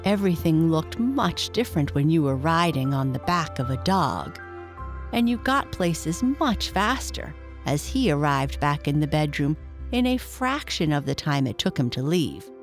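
A woman's voice: low-pitched, sing-song, soft background music. A woman narrating a bedtime story for children in a soothing way. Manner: soothing, slow.

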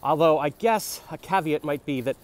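A man's voice: a little high, moderate pace. A young man rambling in a comic vlog outdoors on a city street, musing and free-associating, recorded on a handheld phone. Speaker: comedian vlogger.

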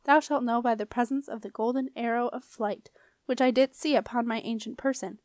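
A woman's voice: a little high, fairly even intonation, brisk, a little mellow, dry recording, studio quality, close to an everyday voice. A woman voicing a formal male alchemist who speaks in old-fashioned phrasing, in an audiobook reading. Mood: solemn. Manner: solemn olde-worlde phrasing.

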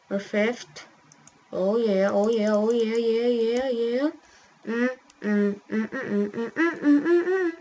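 A woman giving rambling, excitable commentary while playing a racing game, often yelling at what happens on screen. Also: fairly high pitch. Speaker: gamer. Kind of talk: gameplay commentary.

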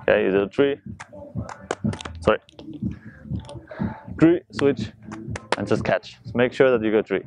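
Man explaining juggling, quick and chatty. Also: fairly low pitch, background noise. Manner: talks fast while demonstrating, loose and chatty. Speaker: juggling instructor. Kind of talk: casual spoken tutorial.

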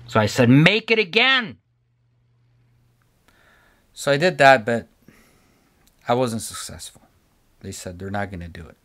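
A man's voice: fairly low pitch, lively intonation, moderate pace, pauses often, fairly bright tone. A middle-aged man, a guitar maker, speaking unscripted to camera in an impassioned, ranting way, repeating words for emphasis. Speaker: guitar maker selling stands.

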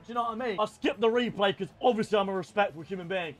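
A young British man streaming a football game, chatting with viewers and swearing in loud outbursts. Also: high-pitched, rapid-fire, soft background music. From Britain. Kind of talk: casual game stream chat.

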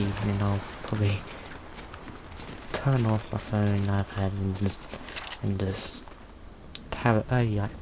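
A man's voice: lowish voice, heavy background noise. A man giving loose, rambling gaming commentary for his channel, full of slang and restarts. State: tired. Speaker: gaming video creator.

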